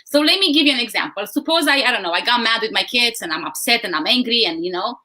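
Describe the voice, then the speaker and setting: A woman's voice: on the high side, expressive, fast talker, sharp tone. A woman speaking earnestly in a live discussion, often repeating words as she thinks. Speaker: guest speaker.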